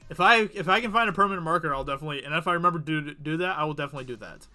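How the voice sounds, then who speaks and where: A man hosts a livestream, chatting casually and giggling as he answers viewers. His voice sits fairly high and bright. Faint music plays in the background. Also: very fast. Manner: chatty, giggly, reads chat aloud. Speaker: livestream host.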